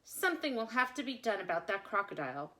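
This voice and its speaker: A woman voicing a fussy, furious male store manager who snaps and shouts his orders. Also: medium pitch, very animated, fast. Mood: curt. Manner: gasping, snapping angry outbursts.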